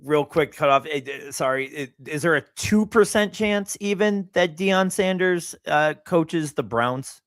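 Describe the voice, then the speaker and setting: Bright-voiced man chatting on a podcast. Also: fairly high pitch, a little slow, few pauses, dry recording, studio quality. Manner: laughs often, playful. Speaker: podcast co-host. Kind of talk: casual chat.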